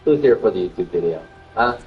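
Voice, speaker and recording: A fast-talking man with a fairly low, expressive voice rants in outrage while streaming, repeating himself as he reacts. The recording has its highs cut off and picks up faint music and echo in the room.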